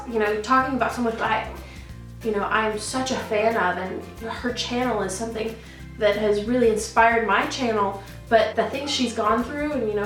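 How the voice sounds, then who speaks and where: Gushing young woman vlogger, roomy sound. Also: fairly high pitch. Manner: gushing, rambling, self-correcting. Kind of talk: casual chat. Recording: roomy echo, mic at a distance, faint music.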